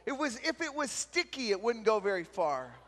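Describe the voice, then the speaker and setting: High-voiced man in an echoing hall. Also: normal speed. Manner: animated storyteller who shouts out the punchlines. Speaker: youth pastor. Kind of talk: storytelling talk at a youth retreat. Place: large retreat meeting hall. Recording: long hall reverb from a live talk.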